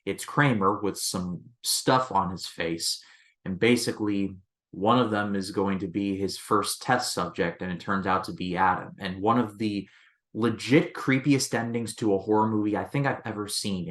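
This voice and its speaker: Host of a casual movie review channel, a man with a slightly low voice, rambling style full of restarts. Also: normal speed, fairly bright tone. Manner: rambling, leans on "basically" and restarts.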